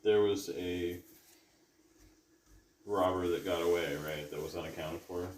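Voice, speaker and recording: A man with a very low voice, speaking quietly as a player at the table. He sits far from the mic in an echoey room with steady background noise. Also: unhurried. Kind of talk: casual tabletop play. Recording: distant roomy mic with noise.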